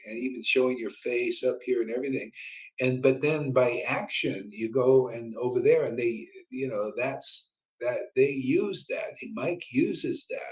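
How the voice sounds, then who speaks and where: A man's voice: mid-range voice, poor audio. A man leading a group, who talks in an easygoing, rambling way and chuckles often.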